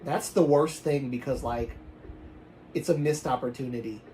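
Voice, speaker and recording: A man's voice: mid-range voice, moderate pace, slight background noise. A man with a Southern US accent telling a story on a livestream in a rambling, casual way, often restarting and trailing off. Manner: rambling, frequent self-restarts, trailing off softly.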